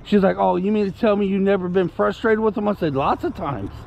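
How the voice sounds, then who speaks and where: A man's voice: sits high, fairly quick, gravelly, highs cut off. A man telling a story casually to camera, indignant and rambling, breaking off to give commands to his puppy. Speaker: vlogger.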